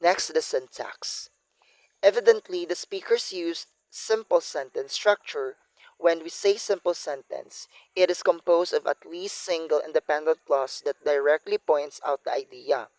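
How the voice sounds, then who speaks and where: A man's voice: a little high, a little slow, a little mellow, no room sound, poor audio. A young man, carefully reading a prepared academic analysis as a student presenter, with small slips along the way.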